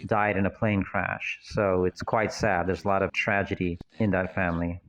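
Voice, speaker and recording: A man talks through a film in casual audio commentary, his voice sitting a little low. He wanders off on tangents and thinks out loud. It sounds like an unscripted, relaxed walkthrough. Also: normal speed, dull audio. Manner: chatty, digressive, thinking aloud.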